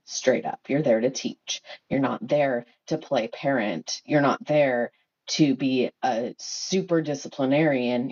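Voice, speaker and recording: A woman's voice: very deep voice, gravelly, darkish tone, husky. A woman, a mother, venting on a casual livestream, heated and swearing, rambling with lots of fillers. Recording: dull lo-fi phone audio.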